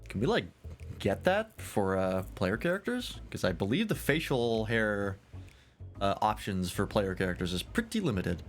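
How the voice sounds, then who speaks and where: A man with a fairly low voice chats casually over his gameplay, dropping wry, joking asides between story scenes. Faint music plays behind him. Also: sing-song, moderate pace. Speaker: streamer.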